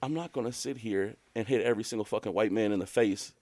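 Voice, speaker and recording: A man from Alabama, co-hosting a podcast, telling stories in casual chat with animated delivery and bursts of high laughter. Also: quick pace, dry recording. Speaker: podcast co-host.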